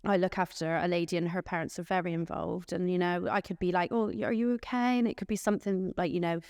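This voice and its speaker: A woman's voice: on the low side, level tone, quick pace, darkish tone, dry recording, studio quality, long reverb tail. A woman, a care team manager chatting in an interview and acting out little exchanges. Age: late 20s. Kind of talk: casual interview answers.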